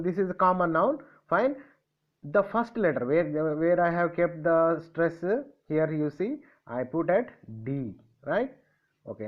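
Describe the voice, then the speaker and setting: A male teacher with an Indian English accent explains grammar in a slow, halting way, pausing on fillers. His voice sits high, and he speaks at an unhurried pace. The audio is thin and tinny, like a phone line. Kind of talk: recorded grammar lesson.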